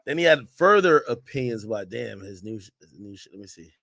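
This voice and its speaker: A man's voice: medium pitch, lively intonation, a little fast, creaky, fairly bright tone, no room sound, clean studio sound. A man hosting a live reaction stream, muttering while he searches, then explaining. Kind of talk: casual live reaction commentary.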